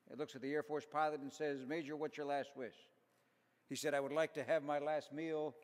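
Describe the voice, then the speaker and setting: Middle-aged man, after-dinner speaker, folksy joke telling, slightly high voice, long hall reverb. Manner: folksy, self-deprecating joke teller. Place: large banquet hall.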